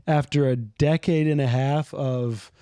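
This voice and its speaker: A man's voice: mid-range voice, steady tone, a little slow, mellow, clear, resonant tone, no room sound. A man co-hosting a casual podcast, tossing out dry, teasing jabs. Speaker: podcast co-host. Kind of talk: casual chat.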